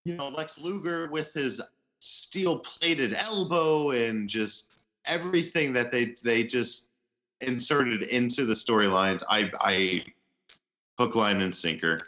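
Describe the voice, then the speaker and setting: A podcast co-host in casual chat, analytical and enthusiastic. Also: male voice, medium pitch, slow pace, bright, forceful tone.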